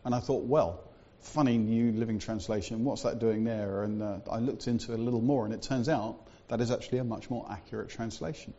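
A man preaching in a church with a mellow, dark voice, easygoing and conversational, full of little asides. The sound is a bit dull and lo-fi. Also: mid-range voice, fairly even intonation, a little fast, hardly any pauses. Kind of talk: sermon.

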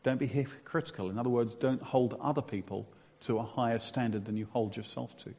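A man's voice: medium pitch, fairly even intonation, a little fast, dark tone, slightly rough. A man preaching a sermon in a conversational way. He asks the congregation questions and makes fun of himself. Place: church hall. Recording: long reverb, dull lo-fi church recording.

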